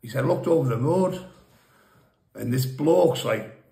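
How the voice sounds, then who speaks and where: A man's voice: mid-range voice, expressive, measured pace, vocal fry, warm tone, echoey room. A man casually telling a crude, rambling pub story, often laughing at his own tale. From England.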